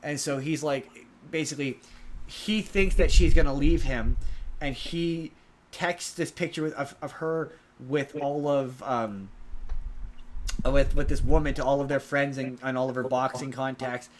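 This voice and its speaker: A man's voice: mid-range voice, unhurried, slight background noise, rough recording. A man co-hosting a podcast, recapping a movie in a rambling way with lots of restarts and acted-out quotes. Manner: rambling, many restarts and filler ums, acts out quotes. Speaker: podcast co-host.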